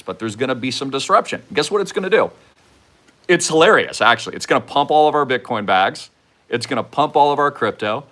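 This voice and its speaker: A man holds forth as the host of his own channel, talking straight at his audience in an urgent, conspiratorial tone. His pitch sits in an ordinary middle range but leaps sharply upward when he gets worked up, then sinks back to low, muttered asides. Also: a bit bright. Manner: emphatic, swings from low mutters to high outbursts; conspiratorial, addresses viewers directly. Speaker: show host. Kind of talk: monologue to camera.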